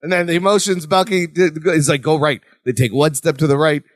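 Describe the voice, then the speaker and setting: A man's voice: on the high side, fairly even intonation, fast, no room sound, clean studio sound. A man co-hosting a casual podcast, recapping scenes with quoted lines and laughter. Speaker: podcast co-host. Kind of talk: casual rewatch podcast chat.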